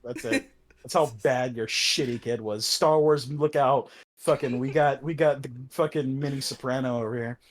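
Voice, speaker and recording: A man co-hosting a podcast, talking in a casual, animated way, swearing often and laughing a lot. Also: medium pitch, moderate pace, slight background noise. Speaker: podcast co-host. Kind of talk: casual chat.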